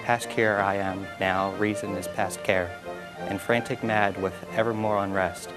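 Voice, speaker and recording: A man reciting a poem in a steady, measured reading. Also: deep voice. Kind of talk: poetry recitation. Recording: instrumental music under voice. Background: instrumental music.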